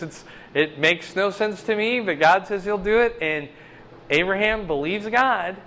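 Man, high voice, bible study leader, conversational, quizzes the group. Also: measured pace, bright, forceful tone, a little hiss or hum. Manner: chatty, asks the group questions.

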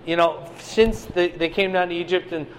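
A man giving a conversational sermon, teaching a Bible passage with animated swings between loud emphasis and quiet asides. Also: high-pitched, moderate pace.

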